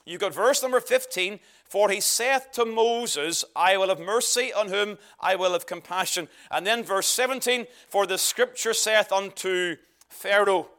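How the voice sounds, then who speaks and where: A man's voice: sits high, a little slow, fairly bright tone. A man preaching a sermon, emphatic and earnest, often repeating words for stress. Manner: emphatic, varied delivery with repeated phrases.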